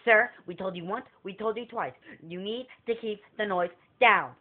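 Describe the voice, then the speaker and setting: A man's voice: high-pitched, normal speed. A young man doing an impression of a famous male stand-up comedian, telling a prank story and acting out the characters' voices. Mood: animated storytelling. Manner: animated storytelling that acts out several characters' voices. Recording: tinny phone-like lo-fi recording.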